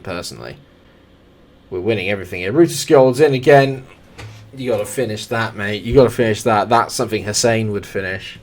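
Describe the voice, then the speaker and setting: A young man with a lowish voice talks through a football sim match as he plays it. He jumps into excited play-by-play calls, then drops back into relaxed, chatty remarks aimed at his players. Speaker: gaming YouTuber. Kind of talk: live football sim commentary.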